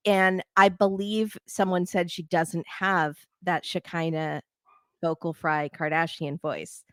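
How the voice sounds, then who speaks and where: A woman from Los Angeles, a podcast guest, chatting casually and quickly. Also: on the low side, flat delivery, clear, resonant tone, dry recording, clean studio sound. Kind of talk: casual chat.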